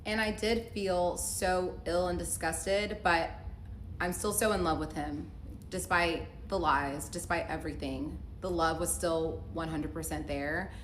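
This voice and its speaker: A young woman with a fairly low, fairly even voice speaks a little slowly as she tells a personal story about a relationship in a casual story-time vlog. She's chatty, fills her talk with "like," and acts out quoted dialogue. The room is echoey, with faint noise in the background.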